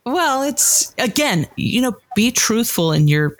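A woman's voice: a little high, sing-song, slow, a little hiss or hum. A woman co-hosting a casual chat, emphatic and laughing often, swearing freely.

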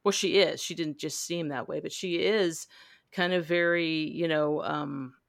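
A woman hosting a casual book discussion, talking in a halting way with lots of fillers. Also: low voice, fairly even intonation, creaky, no room sound, clean studio sound. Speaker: podcast host. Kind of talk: casual book-club chat.

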